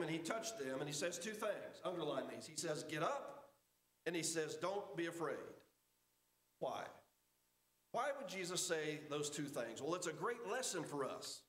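A man preaching a sermon as pastor, emphatic, with rises and drops to a hush. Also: fairly high pitch. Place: church sanctuary. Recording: echoey church sanctuary.

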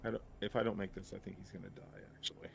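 Excitable man running a tabletop game. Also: sits low, very fast, vocal fry, a little hiss or hum. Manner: excitable, swears when surprised. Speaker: game master.

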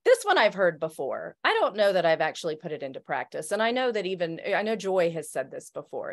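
A woman sharing self-help tips with a group in a thoughtful, casual way, often restarting her sentences. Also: fairly low pitch. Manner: thoughtful, many restarts and "right?". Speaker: circle member sharing tips. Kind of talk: reflective casual talk.

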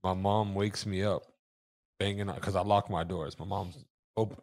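A man co-hosting a podcast, telling a story in a casual, animated way and swearing freely. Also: low-pitched, moderate pace, dry recording, studio quality. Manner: animated, swearing, shouts when acting out scenes. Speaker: podcast co-host.

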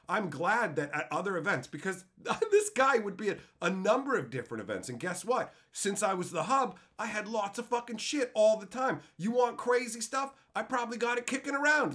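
A man streaming as he opens card packs, telling heated, profane stories in a casual way. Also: high voice. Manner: animated, puts on voices for quotes. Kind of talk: casual storytelling.

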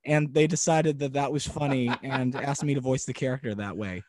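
A man's voice: mid-range voice, steady tone, moderate pace, darkish tone, no room sound. A young man hosting a podcast, chatting casually and hesitantly with many ums and restarts. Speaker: podcast host. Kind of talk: casual chat.

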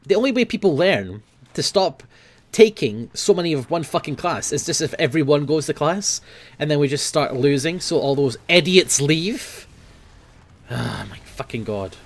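A young man talks over his gameplay in a casual commentary, his pitch rising and falling in lively swings. He swears freely, grumbles at his teammates and flares up quickly. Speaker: gaming video host.

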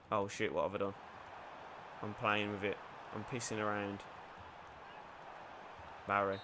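A young man commentating his own football video game, muttering play-by-play then bursting into loud shouts and cheeky banter. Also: medium pitch. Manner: swings from quiet mutters to shouting, swears, banters. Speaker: gaming YouTuber.

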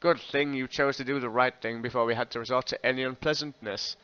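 A smug, well-groomed crime lord , as a man puts him on talks slowly with quiet menace and condescension. The recording is dull and lo-fi. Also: mid-range voice, steady tone, clean tone, lightly acted.

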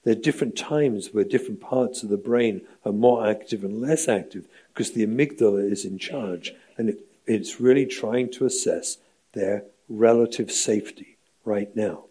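This middle-aged rabbi has a lowish, slightly mellow voice with a breathy edge and talks at normal speed. In his training lecture on parenting and education he presses points rhetorically and emphatically, regularly asking "right?".

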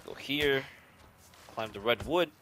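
A man's voice: medium pitch, animated, slow, bright, forceful tone, slight background noise. A man casually commenting as he plays a video game, joking, swearing and laughing often. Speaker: gaming streamer. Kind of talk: casual let's-play commentary. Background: game music and sound effects.

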